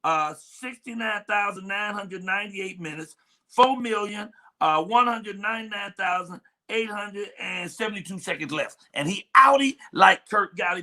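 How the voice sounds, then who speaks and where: Bright high-voiced exuberant comic host. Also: male voice. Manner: exuberant, joking, breaks into song. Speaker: morning show host. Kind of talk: comedic morning show talk.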